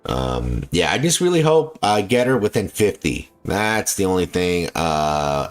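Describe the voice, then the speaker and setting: Man, extremely low bassy voice, lively swings in pitch, rambling streamer chat, faint game music behind. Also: unhurried, few pauses. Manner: rambling, filler-heavy, restarts often, laughs easily. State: feels like coughing. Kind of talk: casual live-stream chat while gaming.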